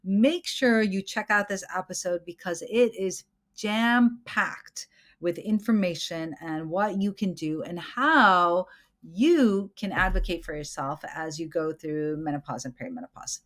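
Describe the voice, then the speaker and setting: A woman's voice: lowish voice, unhurried, fairly bright tone. A woman in her forties hosting a podcast, explaining topics in an upbeat way with frequent fillers. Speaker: podcast host. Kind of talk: podcast countdown and interview chat.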